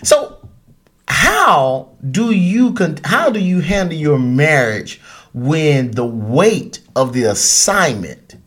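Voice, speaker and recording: A man co-hosting a casual podcast chat about faith and marriage, talking in an emphatic, animated way like a preacher. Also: fairly high pitch, takes it slowly.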